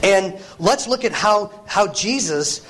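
A man's voice: sits high, lively intonation, takes it slowly, a bit bright, rough recording. A man preaching a sermon in an earnest, conversational way, often restarting phrases and adding asides to the congregation.

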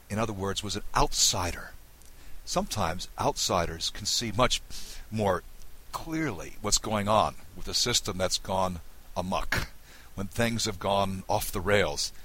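A man teaching a recorded Bible lesson in a husky voice with a forceful, pressing edge. He sits a little low in pitch and explains with lively emphasis. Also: poor audio. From Southern United States.

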